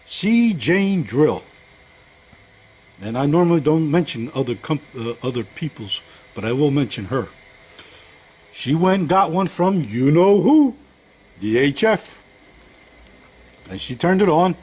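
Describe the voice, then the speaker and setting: A slightly high, husky, darkish voice belongs to an older home mechanic who chats folksily while working on an engine. Very animated though a bit slow with long pauses, he rambles between thoughts in his casual workshop vlog.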